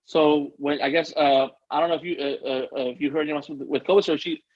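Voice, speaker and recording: A man's voice: a little high, fairly even intonation, fast talker, dull audio. A man telling a personal story as a podcast guest, earnest and rambling, often restarting his sentences. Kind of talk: casual interview storytelling.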